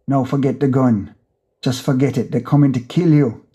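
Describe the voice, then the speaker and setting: A man's voice: medium pitch, fairly even intonation, normal speed, dark tone, breathy edge. A man with a Jamaican accent reading an audiobook, narrating a frantic, rambling first-person inner monologue in patois.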